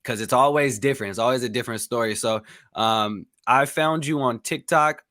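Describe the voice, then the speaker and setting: Bright-voiced male podcast host. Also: medium pitch, brisk. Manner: relaxed, rambling, lots of fillers. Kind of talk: casual interview chat.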